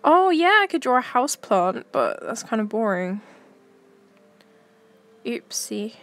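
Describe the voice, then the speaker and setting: A woman's voice: medium pitch, a little slow, fairly bright tone. A young woman chatting casually to her stream while browsing pictures, giggly and talking to herself.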